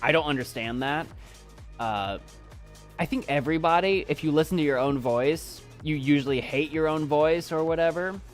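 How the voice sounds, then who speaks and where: A man chatting casually with viewers in a calm, soft voice, halting with many restarts as he chokes up. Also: a little high, soft background music. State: choking up. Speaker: YouTube creator and poet. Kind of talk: casual live chat with viewers.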